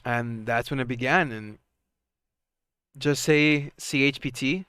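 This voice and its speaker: A young man hosting a casual live stock market stream, chatty and excitable, often laughing and restarting his sentences. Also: mid-range voice, slow pace, smooth, no room sound. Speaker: stock market livestream host.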